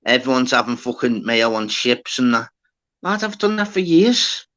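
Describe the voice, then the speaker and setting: A man's voice: medium pitch, very animated, moderate pace, fairly bright tone. A man with a Scouse accent hosting a casual banter chat, brash and swearing constantly, calling everyone lad and mate. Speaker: host. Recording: dull lo-fi audio.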